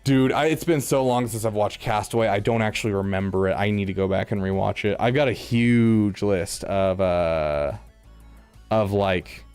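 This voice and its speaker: Rambling low-voiced male streamer. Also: normal speed, a little mellow, clean tone, faint music behind. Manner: rambling, restarts sentences, laughs often. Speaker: streamer reading chat. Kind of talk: casual live-stream chat.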